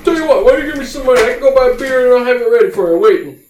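A man voicing an oafish, eager male tavern pal who gets loud and excitable about beer. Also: very high voice, very fast, distant mic, slight background noise, voice pushed up. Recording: roomy recording.

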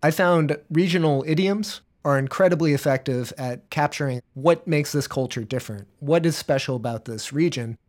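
A man hosting an interview, asking measured, thoughtful questions. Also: a little high. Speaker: podcast host.

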